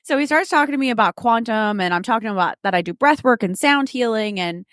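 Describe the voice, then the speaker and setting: Woman, guest co-host, casual storytelling, animated, candid, slightly high pitch, dry sound. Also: fast talker, dry recording. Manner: animated, candid, laughs through her story.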